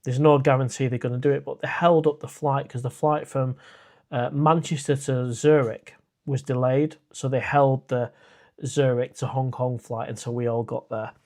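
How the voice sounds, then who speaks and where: A man's voice: medium pitch, flat delivery, normal speed, a little mellow. A man hosting a casual live stream. He reads out viewer comments and chats back in a rambling way, with plenty of "uh" and restarts. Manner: chatty and rambling, with frequent "uh" and restarts.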